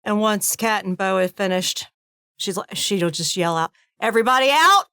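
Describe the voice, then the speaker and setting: A woman's voice: medium pitch, steady tone, unhurried, vocal fry, fairly bright tone, smooth, no echo, studio quality. A woman playing a tabletop role-playing game, describing her character's actions bluntly and with swearing. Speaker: player. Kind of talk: casual tabletop play.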